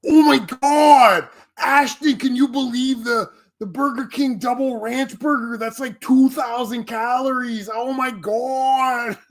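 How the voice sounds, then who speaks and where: A man's voice: very high voice, fairly even intonation, slow, few pauses, pitched above the performer's own voice, heavily acted. A man doing an impression of an overexcited male podcast co-host who gasps and whines in amazement. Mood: amazed.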